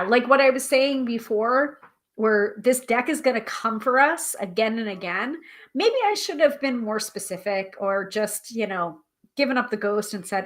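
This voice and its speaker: A woman hosting a live tarot stream, chatting casually and reading aloud from a guidebook, self-deprecating and a little halting over hard names. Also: on the high side, a bit bright. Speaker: tarot reader and livestream host.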